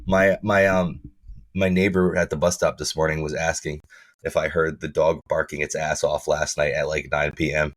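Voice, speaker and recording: A man co-hosts a podcast in casual chat, his voice rough and froggy because he feels unwell, and he rambles and restarts sentences. His pitch is extremely low, his tone level and his pace moderate.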